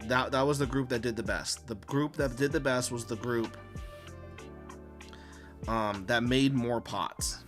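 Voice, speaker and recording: A man's voice: mid-range voice, a little slow, pauses often, soft background music. A man hosting a casual live stream while he draws, rambling and swearing with many fillers and acting out his own quoted lines as he tells a story. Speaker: live-stream host and comic artist.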